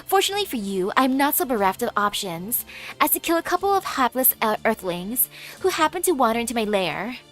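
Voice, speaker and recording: Woman reading haughty alien ruler, pompous, grandiose, high voice, game dialogue. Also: big pitch swings, a little fast, a bit bright, soft background music.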